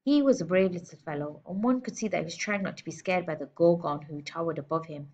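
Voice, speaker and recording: A woman teacher reading a storybook aloud to children in a lively, expressive way. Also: on the low side, fast. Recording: dull lo-fi recording.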